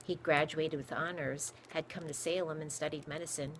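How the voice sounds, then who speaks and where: A woman narrating a children's chapter book in steady, clear storytelling. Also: low-pitched, normal speed, slight background noise. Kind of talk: audiobook reading for children.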